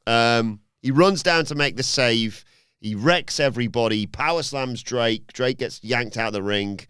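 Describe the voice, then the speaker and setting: A man's voice: mid-range voice, unhurried, clean tone, no room sound, clean studio sound. A man hosting a podcast, recapping a wrestling show in casual chat and acting out the wrestlers' lines as he tells it. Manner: animated storytelling with acted-out quotes. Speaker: podcast host.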